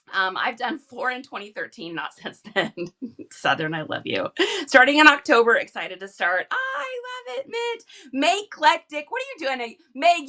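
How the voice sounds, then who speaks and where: A woman hosting a live stream in casual chat, energetic and chatty with quick laughs. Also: a little high.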